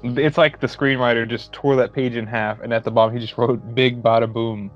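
A man's voice: mid-range voice, steady tone, brisk, highs cut off, faint music behind. A man co-hosting a casual movie podcast, wry and sarcastic in his quips. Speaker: podcast co-host. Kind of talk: casual movie chat over beer.

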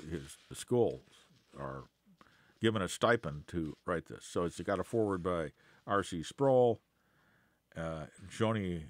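A man's voice: deep voice, no room sound. A man giving an unscripted Bible teaching, hesitant with many fillers and restarts, then pressing points with scornful emphasis.

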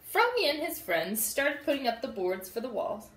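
A woman teacher reading a storybook aloud to children and explaining it, slow and expressive, with sound effects, in an echoey room with faint background noise. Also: high-pitched, far from the mic.

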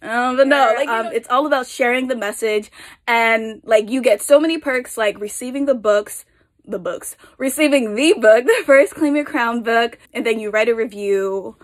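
A woman's voice: fairly high pitch, normal speed. A young woman author chatting casually to her viewers, upbeat and a little out of breath while in a rush. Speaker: author and channel host. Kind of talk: casual chat to camera.

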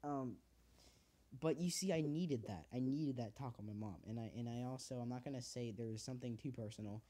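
Teenage guy, podcast host, rambling casual chat, heartfelt, lots of fillers, mellow dark voice. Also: mid-range voice, brisk. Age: teens. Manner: rambling, heartfelt, swears freely with many fillers.

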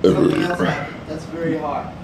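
A man's voice: on the high side, lively intonation, brisk, a crowd in the background. A man co-commenting on a game in casual chat, teasing and laughing often.

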